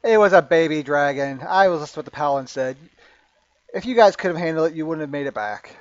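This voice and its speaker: Halting game master man, dull lo-fi sound. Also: a little high, animated, no echo. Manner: halting, many fillers and restarts. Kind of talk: narrating a tabletop game.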